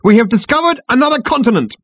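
A high, shouting soldier who barks every report at full force, as a man puts him on. His husky voice leaps about. It stays dry and close. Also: animated, fast, dry recording, full character voice. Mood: barking eager. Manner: barked, shouted military reports. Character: bellowing eager male soldier, number two.

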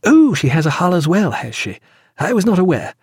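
A man voicing a dry-humored ship's doctor, ironic, lively inflection, dry sound. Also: sits high, fairly quick, husky, dry recording, pitched above the performer's own voice, heavily acted. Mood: wry. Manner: wry, mildly ironic.

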